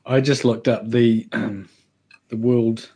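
A man's voice: mid-range voice, little pitch movement, slow pace, dark tone, husky. A man playing a tabletop role-playing game, casual and playful. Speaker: player.

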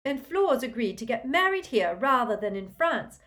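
Woman putting on a shrill fussing mother witch. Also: very animated, moderate pace, fairly bright tone. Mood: anxious coaxing. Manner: coaxing, high and pleading. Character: warm fussing motherly witch, middle-aged.

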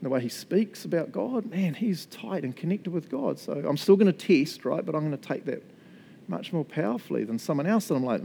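A man's voice: medium pitch, expressive, normal speed, gravelly, mellow. A male pastor preaching a sermon in a casual, chatty way, often laughing as he talks.

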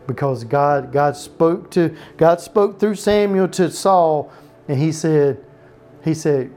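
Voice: medium pitch, slow pace, darkish tone. A pastor giving a conversational sermon at a home Bible study. The pastor often restarts sentences and breaks off into asides about leaving the notes. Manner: conversational preaching, frequent restarts and off-note asides.

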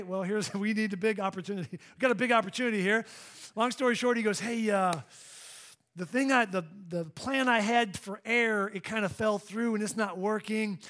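A middle-aged man preaches to his congregation with a notably high voice, swinging between hushed asides and bursts of energy as he tells stories. He keeps the room involved with quick questions and calls for a response. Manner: lively storytelling preacher, engaging congregation. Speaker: pastor. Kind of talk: sermon. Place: church sanctuary.

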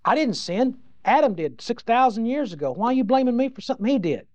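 A man's voice: very high-pitched, big pitch swings, quick pace. A man voicing a plain, self-assured neighbor who earnestly and defensively pleads his case, in a dry lo-fi recording. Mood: pleading.

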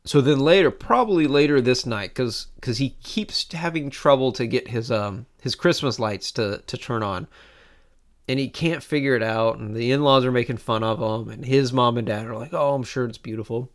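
A man in casual chat as a podcast co-host, retelling movie scenes in an animated, rambling way, with many restarts. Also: mid-range voice, normal speed.

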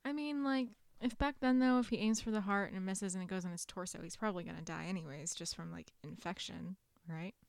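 A young woman co-hosting a podcast, calmly filling in plot details in casual chat about a book. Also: medium pitch, quick pace, vocal fry, few pauses, dry recording, clean studio sound. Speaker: podcast co-host.

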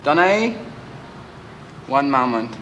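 A man's voice: mid-range voice, very animated, takes it slowly, sharp tone, slight background noise, heavily acted. An actor playing a prim, fussy male art gallery clerk with an unplaceable put-on foreign accent, mangling his English. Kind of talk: film scene acting.

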